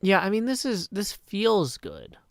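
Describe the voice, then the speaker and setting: A tired man chatting casually on a live game stream, rambling, correcting himself and thinking out loud. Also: high voice, huge pitch swings, a little slow, vocal fry, dry recording. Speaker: Minecraft streamer.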